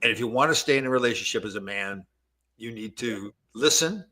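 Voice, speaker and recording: Speaking at a fairly quick clip with a medium-pitched voice, this podcast host is a man in his sixties. He tells stories in a relaxed, chatty way, staying lively and quick to laugh.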